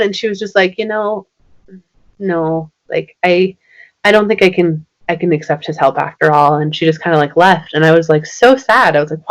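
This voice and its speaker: A woman's voice: lowish voice, a little fast. A woman in her thirties, a podcast guest, telling a personal story in casual, chatty speech full of "like" and acting out the lines of people in it. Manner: chatty, many "like" fillers, acts out quoted dialogue.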